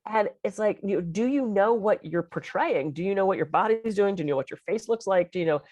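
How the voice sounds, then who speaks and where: A middle-aged woman co-hosting a podcast in casual chat, an animated and expressive storyteller. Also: mid-range voice, a little fast, no echo. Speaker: podcast co-host.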